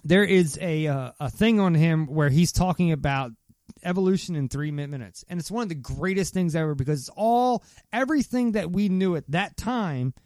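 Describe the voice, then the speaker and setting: A man's voice: on the high side, normal speed, a little mellow, no echo, studio quality. A man co-hosting a podcast in casual, rambling chat, swearing freely and joking. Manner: rambling, profane, jokey, does mock voices. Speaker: podcast co-host.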